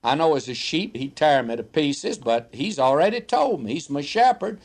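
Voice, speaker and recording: An older man teaches the Bible on the radio, answering a listener in a folksy, pastoral way. His voice sits fairly high and rises and falls with real animation. He talks to the listener like a friend. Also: expressive, moderate pace.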